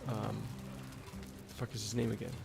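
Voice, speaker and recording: A man on a gaming stream call, giggling often and chiming in with quick reactions. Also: lowish voice, little pitch movement, vocal fry, darkish tone, soft background music. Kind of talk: casual voice chat.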